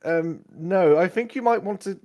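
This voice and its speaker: A man's voice: high-pitched, moderate pace, darkish tone, muffled recording, pitched above the performer's own voice, lightly acted. A man voicing a nervous young male squire who stammers timidly.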